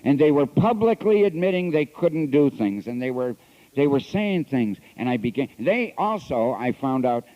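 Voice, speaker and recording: Man on an old lo-fi talk tape. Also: mid-range voice. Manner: earnest confessional storytelling, swings between hushed and emphatic. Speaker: priest sharing at an AA convention. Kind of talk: recovery talk. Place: convention hall. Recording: dull lo-fi 1980s tape recording.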